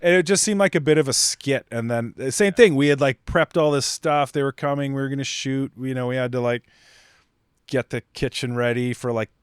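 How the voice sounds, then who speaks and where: A man, a chef guest on a podcast, telling stories casually with lots of fillers, getting animated when annoyed. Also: medium pitch, brisk, clear, resonant tone, dry recording, clean studio sound. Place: podcast studio.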